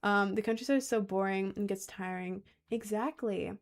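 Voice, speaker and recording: Young woman streamer, casual rambling chat, mid-pitched voice, heavy on fillers. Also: moderate pace.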